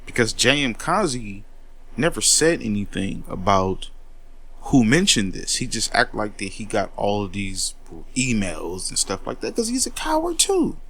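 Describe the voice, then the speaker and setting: A fired-up commentary host launches into a heated monologue rant, his low-leaning voice leaping around with lively intonation at a measured pace. His tone is bright and forceful with a breathy edge, and he's confrontational and profane, repeating words when he gets worked up.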